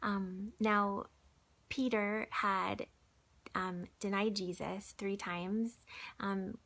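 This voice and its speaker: A woman of ordinary pitch gives a gentle devotional talk for a church video. She reads aloud from a book in a relaxed, chatty way, with many fillers and restarts. Now and then her voice sinks to a hushed whisper. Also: extremely slow. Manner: drops to a soft whisper at times. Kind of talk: informal devotional book reading. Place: recorded video message.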